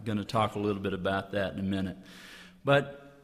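A man's voice: low voice, fairly even intonation, fairly quick. Earnest male speaker in a reverberant hall. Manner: earnest, builds with rhetorical repetition. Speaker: clergyman giving a public talk. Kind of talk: inspirational public speech.

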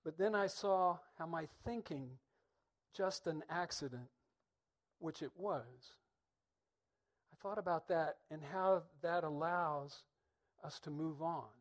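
Reflective middle-aged man preaching a sermon. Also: fairly high pitch. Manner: thoughtful, measured, with pauses.

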